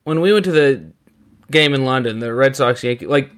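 A man's voice: mid-range voice, lively intonation, brisk. A young man co-hosting a casual sports podcast, rambling with many fillers and asides. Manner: rambling, filler-heavy banter. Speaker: podcast co-host.

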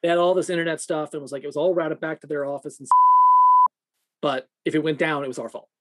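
A podcast co-host telling a work story in casual, profane, animated talk. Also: medium pitch, quick pace, very noisy.

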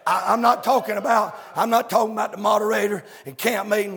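A male preacher, shouting and chanting a fiery revival sermon in a church, with calls to the congregation. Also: sits high, steady tone, fast, vocal fry, a crowd in the background. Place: church sanctuary. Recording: echoey sanctuary with long reverb.

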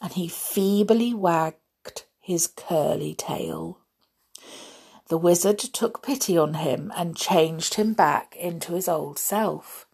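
A woman reading a children's book aloud in an expressive, gently playful way. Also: on the low side, takes it slowly, gravelly, slightly rough. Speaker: storyteller.

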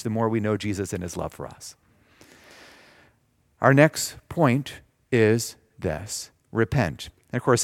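A man delivers a sermon in a mid-pitched voice, slowing down to stress scripture passages and explaining them plainly. The sound is dry and close, with no room echo. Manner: reads scripture slowly and emphatically, explains plainly. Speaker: pastor.

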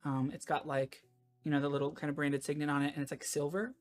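A woman's voice: deep voice, little pitch movement, fast, a little mellow, faint music behind. A woman narrating a tabletop game as game master, in a casual way with fillers.

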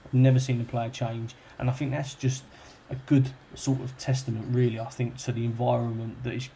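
A man's voice: medium pitch, level tone, brisk, gravelly, warm tone, slight background noise. A young man, a podcast guest chatting casually and rambling with lots of fillers and restarts. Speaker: football club kit man, podcast guest. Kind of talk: casual chat, storytelling.

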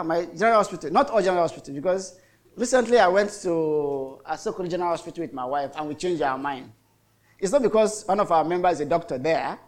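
A middle-aged Nigerian man preaching a sermon as a pastor, telling stories in a chatty way with lots of repetition. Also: fairly high pitch. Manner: chatty storytelling with repetitions and mock voices.

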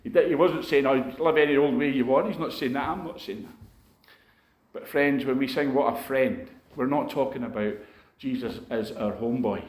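In an echoey room, a man with a mid-range voice preaches a sermon at normal speed. It's a sermon testimony: he tells a personal story in an earnest, conversational way, full of asides.

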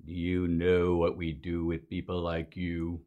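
A man voicing a gruff, hostile Klan leader who speaks slowly and menacingly. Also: sits low, completely flat delivery, mellow, muffled recording, pitched below the performer's own voice. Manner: slow, growling, threatening.

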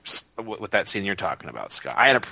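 Lively bright-voiced man, swearing casually. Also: fairly low pitch, fast, vocal fry, breathy edge, dry recording. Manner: animated, swears freely, retells scenes. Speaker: podcast co-host. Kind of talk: casual chat.

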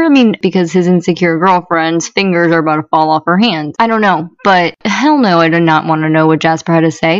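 A woman hosting a podcast, telling a story in a blunt, profane and animated way. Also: lowish voice, no echo. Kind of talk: casual storytelling monologue. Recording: dull lo-fi, dry sound.

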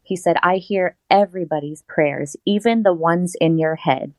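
A woman telling a personal story in an interview, animated and laughing often as she acts out what she said at the time. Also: on the low side, moderate pace, no room sound, rough recording. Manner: animated, laughs often, acts out her own past lines. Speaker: guest.

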